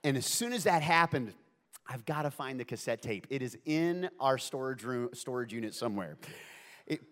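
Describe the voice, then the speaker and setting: Playful storytelling preacher, reverberant hall. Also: male voice, medium pitch, normal speed. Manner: animated, playful, full of asides. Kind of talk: humorous storytelling sermon.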